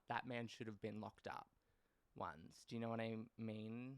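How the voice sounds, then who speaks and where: A man's voice: medium pitch, moderate pace, clean tone, dry recording. A young man, hosting a casual storytelling podcast in a blunt, profane and rambling way. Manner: blunt and profane, swears freely; wry and rambling, trails off into asides. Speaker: podcast host.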